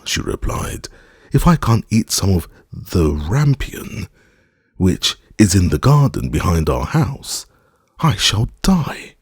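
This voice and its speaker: Deep, gravelly, slow male storyteller. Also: darkish tone, no echo, clean studio sound. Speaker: audiobook narrator. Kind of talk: scripted fairy-tale narration.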